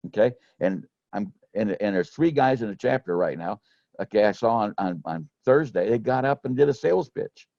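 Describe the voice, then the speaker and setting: A man's voice: fairly high pitch, creaky, darkish tone, breathy edge, no room sound, highs cut off. A middle-aged man telling rambling, folksy stories about selling insurance, with lots of restarts. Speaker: former insurance sales manager telling sales stories. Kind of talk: casual storytelling chat.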